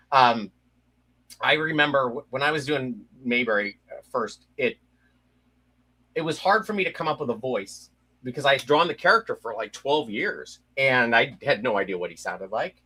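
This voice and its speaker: A man puppeteer in a casual video chat, explaining his craft and slipping into quick voice impressions. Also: medium pitch, expressive, sharp tone, slightly rough, poor audio. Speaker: puppeteer guest.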